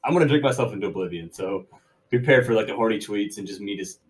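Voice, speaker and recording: A man's voice: fairly low pitch, fast talker. A man in his late twenties, a podcast guest joking around in crude, casual banter. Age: late 20s. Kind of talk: casual chat.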